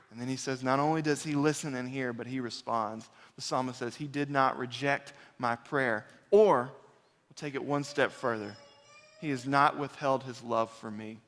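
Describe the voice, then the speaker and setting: A man preaching a sermon, earnest and building to emphatic repeated phrases before dropping quiet. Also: mid-range voice, in a large hall. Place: large church sanctuary.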